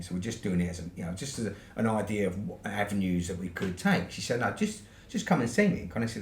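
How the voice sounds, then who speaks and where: British bloke, podcast guest spinning a casual yarn, swears a lot, lowish voice, echoey room. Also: male voice, lively intonation, quick pace. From United Kingdom. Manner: swears freely, ends points with "right?". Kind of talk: casual storytelling. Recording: roomy echo with faint noise.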